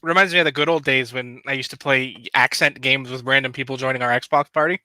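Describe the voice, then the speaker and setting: A man's voice: mid-range voice, steady tone, a little fast, sharp tone, no echo. A man co-hosting a casual streamed chat show, playful and fond of putting on silly accents. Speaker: podcast co-host.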